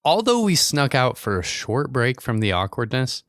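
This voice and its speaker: A man's voice: medium pitch, normal speed. A man hosting a podcast, narrating a scripted story. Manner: smooth storytelling with a varied, expressive delivery. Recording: narration over a music bed. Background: music.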